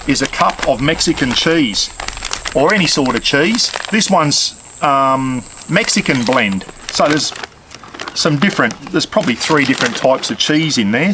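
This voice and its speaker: A man's voice: mid-range voice, noisy background. A man with an Australian accent hosting a casual cooking demonstration, chatting straight to his viewers as he cooks outdoors. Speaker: cooking channel host.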